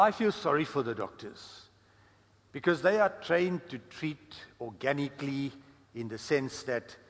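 A man's voice: medium pitch, in a large hall. A man preaching a sermon in a conversational storytelling way, with frequent fillers. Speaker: guest preacher.

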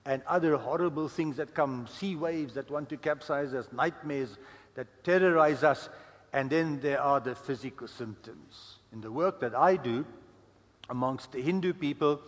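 A man's voice: a little high, a little slow, long reverb tail. A man preaching a sermon in a conversational storytelling way, with frequent fillers. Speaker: guest preacher.

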